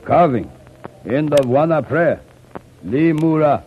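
A man's voice: a little high, lively intonation, slow pace, slight background noise. A man playing a loyal jungle companion who speaks in clipped broken English, 1940s radio acting on a muffled old recording. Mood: grave.

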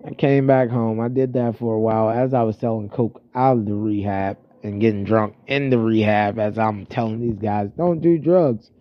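A man's voice: lowish voice, steady tone, normal speed, few pauses, highs cut off. A man in his thirties from Florida, telling rambling, profane stories about his past in a casual monologue, a bit stuffy-nosed. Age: 30s. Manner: profane, rambling, laughing at himself. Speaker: storyteller.

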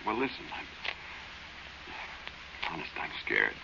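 A deep, gravelly storyteller on old radio. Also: male voice, wildly swooping pitch, heavily acted. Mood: tense, scared. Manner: slow, confiding storyteller. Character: plain-spoken man recalling a night of fear. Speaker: narrator. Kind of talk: 1940s radio drama narration. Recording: dull, hissy old radio recording.

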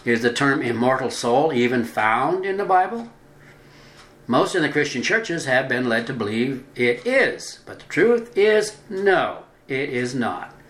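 Male religious narrator, mid-pitched, measured reading with stretched emphasis, echoey room. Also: lively intonation, fairly bright tone. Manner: deliberate, drawing out stressed words. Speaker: religious teacher. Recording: roomy echo.

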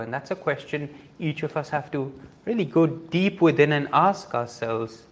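A man's voice: on the high side, lively intonation, moderate pace. Reflective man. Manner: reflective, asks many rhetorical questions. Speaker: podcast host. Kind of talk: reading a spiritual book aloud with commentary.

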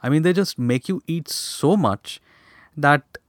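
A man's voice: a little high, a little slow, no echo. Chatty male co-host, dry sound. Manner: conversational, asks questions, quips. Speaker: podcast co-host. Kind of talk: casual chat.

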